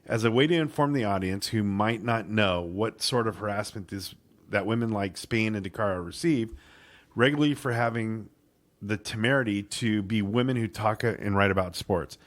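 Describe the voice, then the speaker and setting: Reading an article aloud on a casual sports podcast he co-hosts, he stumbles over the words and swears without restraint. His voice sits on the low side at a normal pace.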